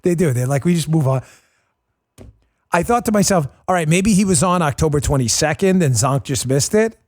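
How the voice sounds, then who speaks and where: A man hosting a political talk show, talking in a fast, combative, sarcastic way. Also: a little high, expressive, a little mellow. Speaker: host.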